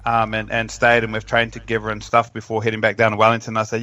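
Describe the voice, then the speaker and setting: Bright-toned New man, enthusiastic. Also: lowish voice, completely flat delivery, a little fast, dry recording. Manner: enthusiastic, rambling storyteller. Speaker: podcast host. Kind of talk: casual podcast chat.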